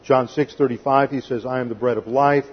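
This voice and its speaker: In a dull lo-fi sermon recording, a man with a medium-pitched, slightly rough voice preaches briskly and steadily. His expository sermon is methodical and emphatic, laid out in numbered points for the congregation.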